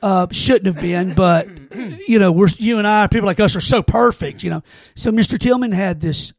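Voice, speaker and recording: A man's voice: high-pitched, moderate pace, gravelly. A man hosting a podcast, telling stories in a casual, earnest way with many false starts and restarts. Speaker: podcast host. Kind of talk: casual heartfelt conversation.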